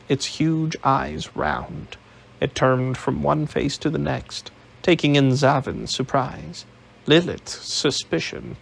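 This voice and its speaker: A man narrating an audiobook in a measured, unedited reading with small slips. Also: mid-range voice, gravelly, breathy edge.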